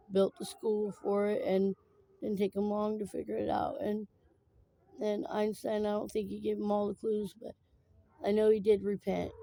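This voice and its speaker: A woman talking in a personal vlog, tearful after crying, rambling and halting with many fillers. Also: medium pitch, gravelly, mellow.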